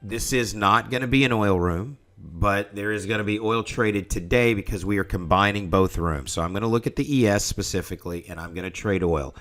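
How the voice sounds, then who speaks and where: A man's voice: on the low side, fairly quick, few pauses, a bit bright. A man hosting a live trading session, talking casually and rambling, often restarting his sentences. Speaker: trading room host. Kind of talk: casual live market commentary.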